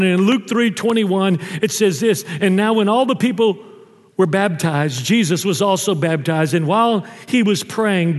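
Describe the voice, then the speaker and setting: A male pastor preaching a sermon in a church, telling stories and dropping low and soft on tender lines. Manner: storytelling, drops low and soft on intimate lines. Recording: long reverb of a church hall.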